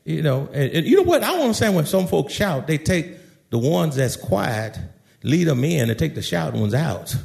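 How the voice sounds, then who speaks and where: A male pastor preaching a sermon in a church, shouting at times and dropping to quiet asides. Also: on the high side, big pitch swings, moderate pace, creaky. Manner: preaching with shouts, swinging loud and soft.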